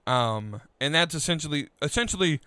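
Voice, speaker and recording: Guy ranting on his podcast, kinda high voice, smooth, stops and restarts a lot when he's frustrated. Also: expressive, pushed and bright, no room sound. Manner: frustrated, halting, many restarts. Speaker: podcast host. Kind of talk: political rant.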